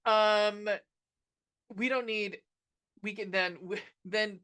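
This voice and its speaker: A woman's voice: mid-range voice, fairly even intonation, takes it slowly, fairly bright tone. A woman hosting a podcast, ranting sarcastically about a movie with lots of swearing and fillers. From United States. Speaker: podcast host reviewing a film. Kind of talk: casual movie review monologue.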